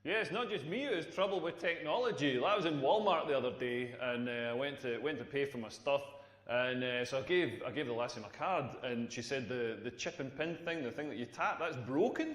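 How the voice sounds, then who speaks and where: This is a stand-up comedian, a Scottish man in his forties, rambling through a self-mocking set on stage in a big hall. He speaks at normal speed in a mid-range, fairly bright voice, captured from afar in an echoey space.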